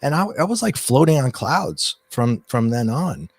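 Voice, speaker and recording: A middle-aged man, a guest coach and author, telling a personal story in a rambling, animated way with frequent restarts. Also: medium pitch, normal speed, slightly rough, no echo. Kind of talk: storytelling in an interview.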